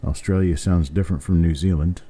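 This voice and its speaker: Deep, warm and husky, the voice belongs to an older man with a general American accent running a live coin roll hunt stream. His intonation stays fairly even and his pace is a little fast as he chats loosely with viewers, rambling and chuckling often.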